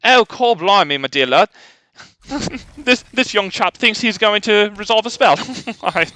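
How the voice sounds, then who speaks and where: A man voicing a smug, lordly British gentleman who is always in control, speaking in a put-on posh British accent. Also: high-pitched, animated, unhurried, dry recording, voice pushed up, heavily acted. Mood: smug, gloating. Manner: pompous, condescending, chuckling.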